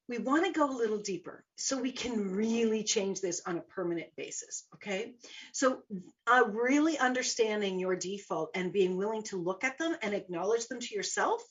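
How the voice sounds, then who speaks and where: Woman, business coach, mid-pitched, expressive and emphatic, motivational delivery, slightly lo-fi sound. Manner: expressive, emphatic, repeats words. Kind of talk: motivational talk.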